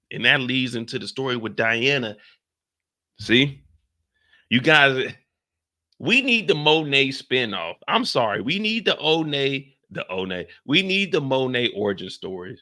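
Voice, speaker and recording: A man's voice: medium pitch, measured pace. A man hosting a live reaction stream, chatting casually, repeating himself and acting out quotes. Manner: animated, repeats lines, acts out quotes.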